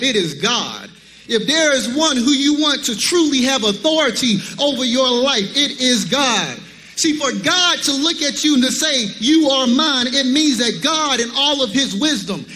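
A man delivers a sermon in a rhythmic cadence, calling out to the congregation. His voice sits very high and rings bright. A long reverb trails behind him. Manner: rhythmic preaching, calls out to the congregation. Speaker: preacher.

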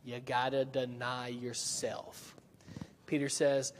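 Conversational preacher in a reverberant church. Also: male voice, medium pitch, unhurried, slight background noise. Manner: conversational, with frequent restarts and rhetorical questions. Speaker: pastor. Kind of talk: sermon.

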